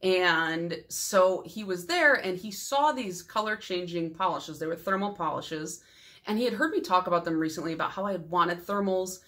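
A young adult woman talks through her nail polish collection in an easygoing, meandering way. Her voice sits a little low for a woman. She gets warm and sentimental as she tells small personal stories, with plenty of fillers along the way. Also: normal speed. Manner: chatty and rambling, many fillers. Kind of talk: casual chat.

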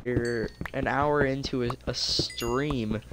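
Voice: medium pitch, fairly even intonation, slow pace. A friend on a voice call during a video game, teasing and laughing a lot. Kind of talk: casual gaming chat. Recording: noisy voice-call mic.

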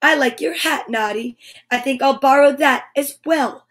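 A woman voices a nasty male goblin trickster from a children's storybook, gloating and mocking. His voice comes out high and bold, a little louder than her narration. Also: unhurried.

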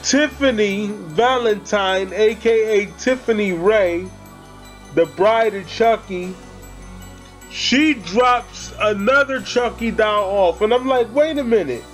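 A man's voice: high-pitched, slow pace, fairly bright tone, soft background music. A man giving a casual, chatty movie review, slangy and talking straight to his viewers. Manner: slangy, chatty, addresses viewers as guys and bro.

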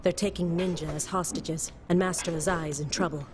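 Game ninja guide, female, clipped and urgent, played by a woman, slightly low. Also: fairly even intonation, fairly quick, over music, lightly acted. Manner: terse, urgent instructions.

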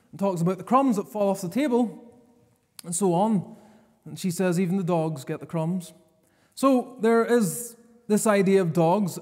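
A man's voice: high voice, darkish tone. A man preaching a sermon, emphatic and given to repeating phrases for stress. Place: church sanctuary. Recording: long church reverb.

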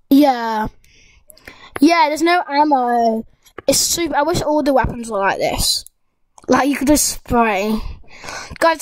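A school-age girl giving excitable, rambling gameplay commentary as a gaming YouTuber, talking straight to her viewers. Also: high-pitched, no echo, poor audio.

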